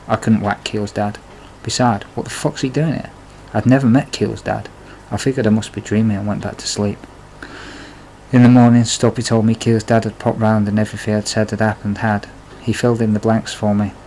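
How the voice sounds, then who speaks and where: A man's voice: fairly low pitch, level tone, a little fast, mellow, a little hiss or hum, low-quality recording. A man narrating his own life story in a plain, confessional way, with blunt swearing. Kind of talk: memoir storytelling.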